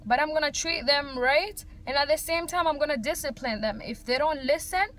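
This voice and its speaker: A woman's voice: high-pitched, a little fast, a bit bright. A young woman from Africa, a single mother, venting to her viewers in a casual vlog, blunt and heated, swearing freely and saying "like" often.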